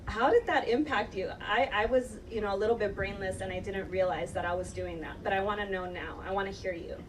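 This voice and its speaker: A woman hosting a live podcast panel tells stories in a chatty way and laughs often. She sounds far from the microphone, with clear background noise. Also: medium pitch, steady tone, fast talker. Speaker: host.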